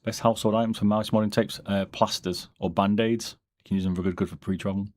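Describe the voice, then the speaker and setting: A man with a deep, low voice talks through a casual live stream at home. He sounds relaxed and rambling, drifting between topics as he answers chat. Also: fast. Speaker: streamer and mouse modder.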